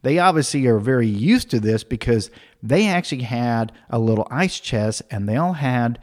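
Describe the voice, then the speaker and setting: A man telling a comic personal anecdote, animated, acting out the other people's voices and laughing as he goes. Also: medium pitch, moderate pace. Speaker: storyteller.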